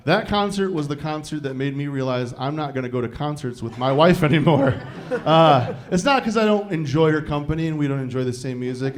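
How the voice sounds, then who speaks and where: A man from Iowa performing a stand-up comedy set live, talking conversationally, swearing freely, and often checking in with the crowd. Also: fairly high pitch. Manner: profane, conversational, often asks the crowd "you know what I mean?". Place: live venue before a laughing audience. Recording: live show with audience laughter. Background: crowd laughter.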